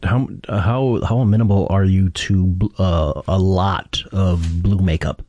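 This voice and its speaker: Halting low-voiced man podcaster. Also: mellow, muffled recording. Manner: halting, full of restarts. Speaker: podcast host. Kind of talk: casual chat.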